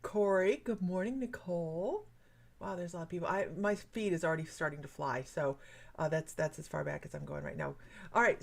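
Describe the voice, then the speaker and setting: A woman from Michigan hosting a casual psychic-reading livestream, chatty and quick to laugh, greeting viewers by name. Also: lowish voice, expressive, gravelly. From Michigan, USA. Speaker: psychic medium livestream host.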